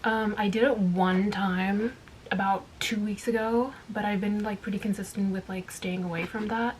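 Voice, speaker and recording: A woman chatting candidly into the camera as a vlogger, rambling from one thought to the next with plenty of "like" and "um." Her voice sits at an ordinary middle pitch. Faint background noise hums under her voice. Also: steady tone, normal speed. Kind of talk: casual chat.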